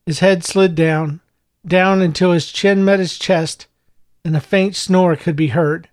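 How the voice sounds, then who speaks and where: Higher-voiced male audiobook narrator. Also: steady tone, measured pace, dry recording, studio quality.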